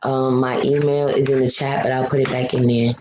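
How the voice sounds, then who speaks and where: A woman's voice: extremely low pitch, little pitch movement, fairly quick, echoey room, highs cut off, noisy background. A woman from New City, hosting a live stream and venting to viewers in a blunt, emotional, profane way. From New York City.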